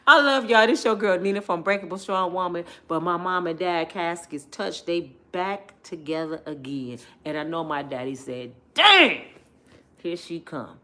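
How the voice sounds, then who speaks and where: A middle-aged woman telling family stories in a casual vlog, lively and chatty, laughing often and talking straight to her viewers. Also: fairly low pitch, normal speed, hardly any pauses.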